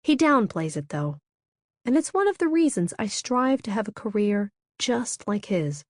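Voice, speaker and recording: A woman narrating a romance audiobook in the first person, with a measured, intimate delivery. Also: mid-range voice, big pitch swings, dry recording, clean studio sound.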